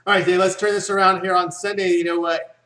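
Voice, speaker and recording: A man's voice: high voice, flat delivery, quick pace, pushed and bright. A man hosting a sports betting show, casually reading out the odds and asking for picks. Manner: casual, reads odds off the card. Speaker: show host. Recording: roomy and distant from the mic.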